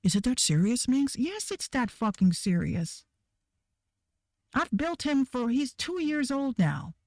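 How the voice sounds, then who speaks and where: A woman's voice: high voice, very animated, unhurried, a little mellow, no echo, clean studio sound. A woman ranting bluntly and heatedly to her viewers, swearing a lot and repeating herself for emphasis. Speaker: online creator ranting to viewers. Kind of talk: profane rant to camera.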